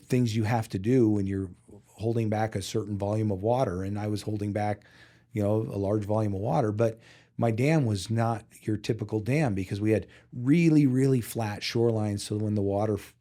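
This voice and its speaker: A man with a low, mellow voice tells a long story in a podcast interview. He talks casually, full of "you know"s, and jumps into lively imitations of the people in the story. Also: brisk. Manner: animated storyteller acting out dialogue with lots of fillers. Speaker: podcast guest, physical therapy company CEO.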